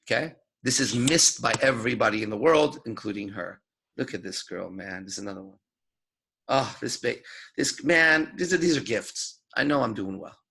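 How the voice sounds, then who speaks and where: Man, dating coach, unscripted lecture, profane and cocky, tense edgy tone, husky. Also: mid-range voice, expressive, normal speed, bright, forceful tone. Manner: profane, swaggering, emphatic.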